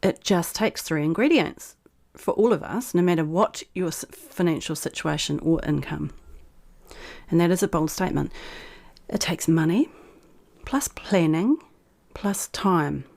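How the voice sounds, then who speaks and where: A woman's voice: on the low side, animated, measured pace, gravelly, darkish tone. A woman vlog host who reads her old blog post aloud in a frank, persuasive way, then reflects on it.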